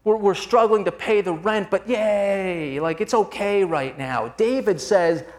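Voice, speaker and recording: A man's voice: high voice, a little slow, darkish tone. A man preaching a sermon in a conversational, confessional way, calling his listeners "gang" as he moves between personal stories and scripture.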